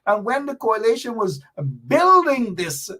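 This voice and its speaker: A man's voice: very high voice, big pitch swings, a little slow, sharp tone. A middle-aged man with a Guyanese accent, hosting a political commentary show in a fiery, sarcastic way, hammering his points with repeated jabs.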